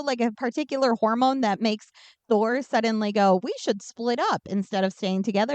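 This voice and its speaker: A woman's voice: on the high side, clean tone, no echo. A woman podcast co-host giving a casual, sarcastic and profane movie recap.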